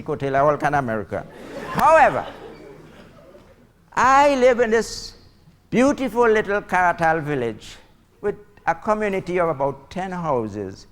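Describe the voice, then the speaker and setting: High-voiced Trinidadian male comic, animated delivery, teasing stand-up storyteller. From Trinidad and Tobago. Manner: chatty, teasing, laughs at own jokes. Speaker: comedian. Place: school auditorium stage.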